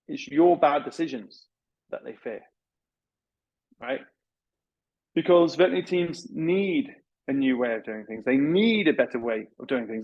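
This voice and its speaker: A man with a mid-range, creaky voice, recorded with the highs cut off, presents a business session in an online webinar. He's a veterinary business speaker who talks casually, fills his speech with fillers, and keeps throwing rhetorical questions at the audience.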